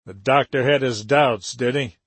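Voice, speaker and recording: A man reading an audiobook, voicing a grim, guarded hero in a measured way. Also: mid-range voice, a bit bright, breathy edge, no echo.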